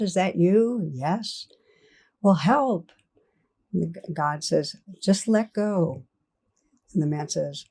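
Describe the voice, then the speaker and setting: An older woman giving a reflective meditation talk, gently telling stories and laughing softly. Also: lowish voice. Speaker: meditation teacher. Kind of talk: dharma talk.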